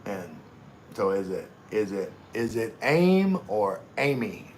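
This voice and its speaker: A man's voice: on the low side, sing-song, takes it slowly, a little mellow, slight background noise. Laid-back Louisiana man chatting live. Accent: Louisiana Southern US. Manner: laid-back, drawling, chatty, greets viewers by name. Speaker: livestream host. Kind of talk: casual live chat reading comments.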